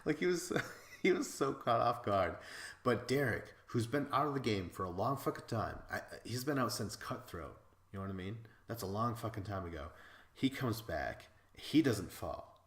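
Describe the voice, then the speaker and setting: A man from Wisconsin hosting a podcast, recapping episodes in a casual, excitable way, swearing freely and laughing as he talks. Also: fairly low pitch, normal speed, echoey room. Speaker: podcast host.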